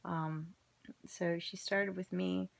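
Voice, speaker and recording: A woman's voice: lowish voice, fairly even intonation, slow pace, gravelly. A woman vlogger telling a rambling, self-mocking story in a casual way, breaking into laughs.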